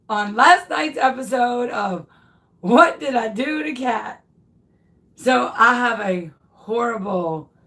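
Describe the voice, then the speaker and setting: A woman's voice: mid-range voice, a bit bright. A woman in her thirties hosting a craft video, casually telling viewers a funny personal story with lots of laughter and restarts. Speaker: craft tutorial host.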